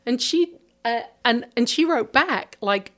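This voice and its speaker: A woman's voice: fairly high pitch, expressive, unhurried, fairly bright tone. A woman with a British accent, a theater company director telling a story in a casual interview and acting out emails and conversations. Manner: chatty storyteller, acts out emails and dialogue.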